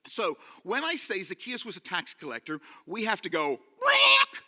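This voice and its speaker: A man telling a story live to an audience in a hall, animated and leading them in call-and-response. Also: sits high, normal speed.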